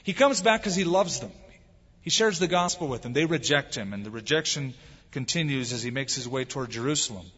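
A man's voice: medium pitch, lively intonation, a little fast, a bit bright, slightly rough. A man preaching a sermon as a pastor, stretching out the words he stresses. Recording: dull lo-fi with long hall reverb.

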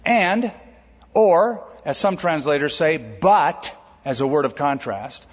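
Lively preaching man in a reverberant hall. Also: a little high, takes it slowly, breathy edge. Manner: lively, conversational preaching with jokes. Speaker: pastor. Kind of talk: sermon. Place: church auditorium. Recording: dull recording with long hall reverb.

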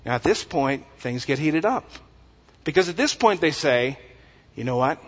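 Man, pastor, folksy and animated, slightly high voice, echoey church hall, dull sound. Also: normal speed. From West Texas. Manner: animated, folksy, acts out dialogue with humor. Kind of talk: sermon.

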